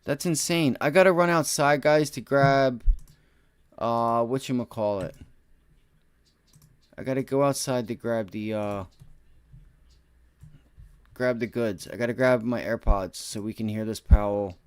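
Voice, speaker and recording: This man runs a day-trading stream and brags his way through live market calls in slangy language aimed at viewers. He's unhurried and smooth, leaving long pauses, and he alternates between excited loud bursts and muttering under his breath.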